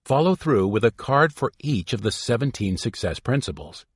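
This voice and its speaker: A man's voice: medium pitch, sing-song, normal speed, husky, no echo, clean studio sound. A man reading a self-help book aloud in an emphatic, instructive way. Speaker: audiobook reader. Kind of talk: scripted self-help narration.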